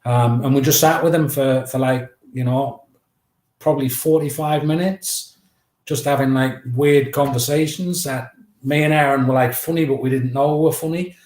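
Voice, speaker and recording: A middle-aged man, telling a story at a mid pitch in a lively, casual way and acting out each bit of dialogue. His voice carries a roomy echo. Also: normal speed. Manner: lively, anecdotal, acts out dialogue. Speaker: guest, memoir author.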